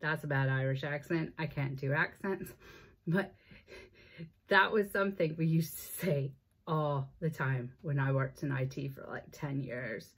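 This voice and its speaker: Chatty low-voiced woman. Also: a little slow, breathy edge. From American South. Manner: chatty and enthusiastic, many ums and restarts. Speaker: book vlogger. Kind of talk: casual chat to camera.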